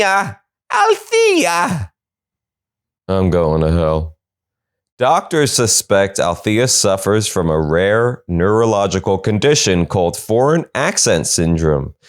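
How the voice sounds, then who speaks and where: Sarcastic comedy podcast host, lively pitch. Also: male voice. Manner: sarcastic, quips between news items. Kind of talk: comedic news reading.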